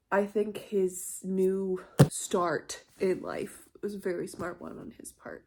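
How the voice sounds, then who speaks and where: A woman's voice: mid-range voice, darkish tone. A young woman vlogging casually about a book she just finished, emotional and swearing freely, laughing often. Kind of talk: casual vlog chat.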